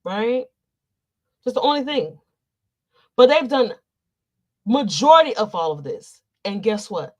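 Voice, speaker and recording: A woman's voice: a little high, expressive, unhurried, pauses often. A woman in casual commentary, ranting and cursing in an exasperated way, with speech. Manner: profane, loud, exasperated ranting. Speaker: commentary vlogger.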